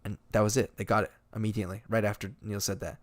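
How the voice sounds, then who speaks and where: A man's voice: lowish voice, fast talker, dry recording. A young man hosting a podcast, chatting casually and telling a story with acted-out quotes. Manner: animated storyteller, acts out quotes. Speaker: podcast host. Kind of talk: casual chat.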